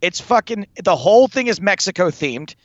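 High, animated man telling comic stories. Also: normal speed, no echo, muffled recording. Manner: rambling, animated, swearing often, laughing through stories. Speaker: guest storyteller. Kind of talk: comic anecdote on a podcast.

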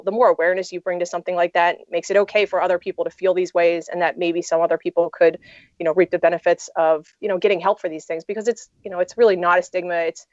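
A woman's voice: lowish voice, no room sound, highs cut off. A young adult woman telling a story in a casual interview, rambling with lots of fillers and restarts. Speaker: poker player guest.

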